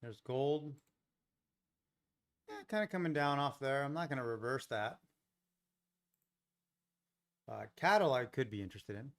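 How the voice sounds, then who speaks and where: A man's voice: mid-range voice, measured pace, long pauses, fairly bright tone. A man streaming live as a futures day trader, thinking aloud as he scans markets, questioning his own trade ideas with laid-back joking asides.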